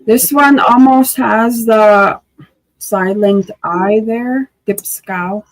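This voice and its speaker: A woman teaching a language lesson, slowly sounding out syllables and words in casual drills. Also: a little high, low-quality recording. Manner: slow, drawn-out syllable drills.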